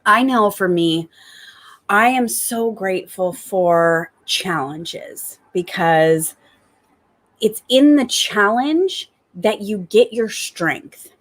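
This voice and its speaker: Upbeat and enthusiastic, a woman who is a spiritual coach speaks at medium pitch to her viewers in a gratitude vlog. Certain warm phrases come up again and again.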